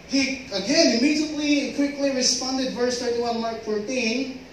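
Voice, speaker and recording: A man's voice: extremely high pitch, moderate pace. A man preaching a sermon in an emphatic way, acting out quoted pleas. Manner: emphatic, acts out quoted pleas, mixes in Filipino words. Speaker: pastor. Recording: echoey hall from far off, faint noise.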